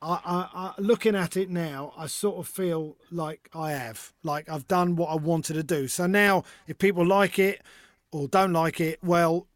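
High-voiced man, lively storyteller. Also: a little slow, no echo. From North London, England. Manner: animated storyteller, acts out voices. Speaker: guest author and comedian. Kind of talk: casual chat.

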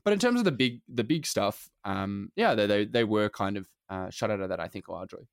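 Brief: man, podcast co-host, rambling chat, animated pitch, dry close sound. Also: a little fast, vocal fry, smooth, dry recording. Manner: rambling with many fillers and restarts. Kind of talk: casual chat.

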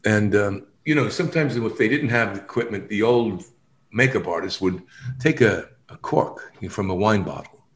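A man, an actor, telling stories in a casual interview, animated, often laughing and acting out other people's lines. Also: lowish voice, normal speed.

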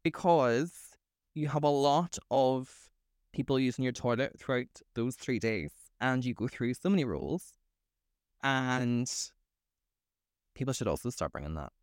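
A man's voice: mid-range voice, lively intonation, a little slow, clear, resonant tone, no echo, clean studio sound. A man co-hosting a podcast, talking animatedly and swearing freely between laughs. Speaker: podcast co-host. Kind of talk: casual chat.

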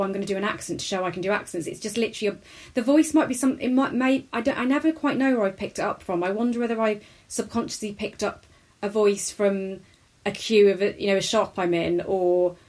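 A woman's voice: mid-range voice, a little mellow. A woman, a character comedian chatting as a guest in an interview, rambling and self-deprecating. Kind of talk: casual interview chat.

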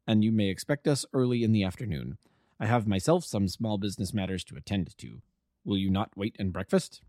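A man's voice: fairly low pitch, animated, mellow, dry recording, studio quality, natural voice. Sherlock Holmes, read by a man, coolly reasoning. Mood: polite. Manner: measured, reasoning aloud. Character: cool, analytical male detective.

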